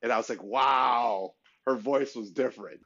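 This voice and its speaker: A man's voice: normal speed, a bit bright. Earnest man telling stories, lo-fi sound. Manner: earnest storyteller, acts out quoted voices with rising pitch. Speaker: podcast co-host. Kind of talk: casual chat.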